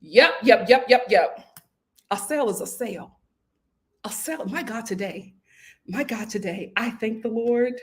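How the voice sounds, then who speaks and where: Young woman, live-stream host, casual chat, fairly high voice, very animated pitch, laughs often. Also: normal speed. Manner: chatty and animated, laughs often, stammers and restarts. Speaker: host reading viewer comments.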